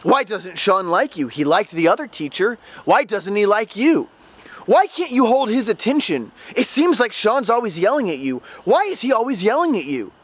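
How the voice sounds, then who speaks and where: A bossy middle-aged father who nags and insists, with a high-pitched voice, as a man quotes him in a story. His delivery is pushy and demanding. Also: sing-song, moderate pace, a bit bright, heavily acted. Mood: nagging. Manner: nagging, insistent.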